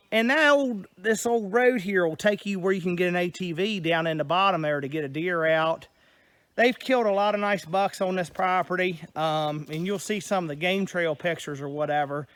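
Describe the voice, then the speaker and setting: A high-pitched man in his forties walks an agent's casual property tour through the woods. He talks loosely and plainly with plenty of fillers and sounds a little winded. The sound is dry and close, with no room echo. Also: fairly bright tone. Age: 40s. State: a little out of breath. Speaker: real estate agent. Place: outdoors in wooded hillside land.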